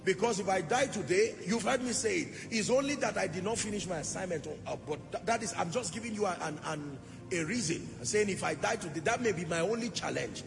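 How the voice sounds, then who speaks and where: A man's voice: high-pitched, animated, fairly quick, creaky. A man preaching a sermon, impassioned, often swelling into sung, chanting phrases. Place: church hall. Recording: long church hall reverb.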